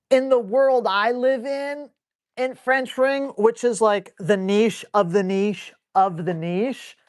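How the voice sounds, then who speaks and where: A blunt dog trainer answers viewer questions live, talking casually and roughly. This man scolds dogs out loud with playful toughness. His delivery is animated, swinging between quick bursts and slow, drawn-out phrases. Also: high voice. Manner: animated, switches between brisk and drawn-out speech. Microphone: live stream mic.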